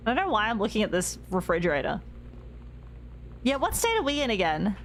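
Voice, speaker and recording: A woman's voice: mid-range voice, very animated, brisk, a little hiss or hum. A young woman streaming a game, chatting casually, reading in-game notes aloud and laughing easily.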